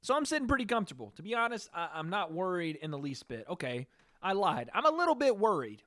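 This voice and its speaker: A man with a high voice hosts a live stream, giving casual, rambling reaction commentary. He talks loosely to his chat and swears now and then. The sound is dry and close. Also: fast talker, no echo. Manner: relaxed, rambling, profane, talking to chat.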